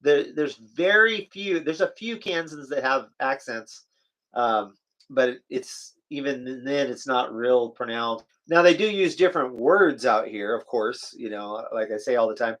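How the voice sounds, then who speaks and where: A man's voice: medium pitch, expressive, a little slow, a bit bright. A man from the US West Coast co-hosting a casual live chat, joking and reading out viewer comments. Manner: chatty, joking, reads viewer comments aloud. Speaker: co-host of a live chat stream.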